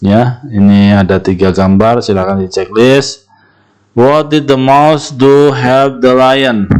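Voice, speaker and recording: A man's voice: mid-range voice, fairly even intonation, unhurried, darkish tone, smooth, low-quality recording. A man teaching an English lesson, repeating each question and explaining it patiently. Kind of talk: recorded online lesson.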